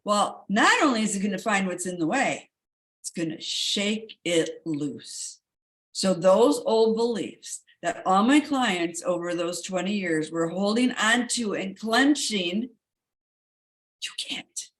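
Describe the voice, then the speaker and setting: A woman's voice: medium pitch, expressive, a little slow, fairly bright tone. A woman wellness coach talking emphatically and repeating key words for stress. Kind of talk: enthusiastic wellness talk.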